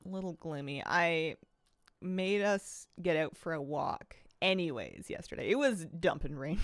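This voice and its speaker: A woman's voice: low-pitched, sing-song, unhurried, no room sound, studio quality. A woman from the Pacific Northwest streaming a game, chatting casually and rambling, with a slight lisp and frequent sighs. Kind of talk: casual chat while gaming.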